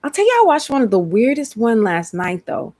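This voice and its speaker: A woman's voice: fairly high pitch, sing-song, a little fast, darkish tone. A woman hosting a casual chat stream, rambling and talking straight to her viewers. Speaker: host.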